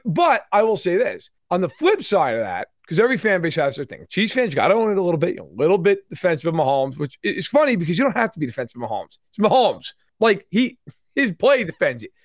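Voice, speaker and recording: A man in his thirties co-hosting a casual sports talk show, animated and mimicking fans in loud put-on voices. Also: high-pitched, fairly quick, no echo, clean studio sound. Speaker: sports podcast co-host.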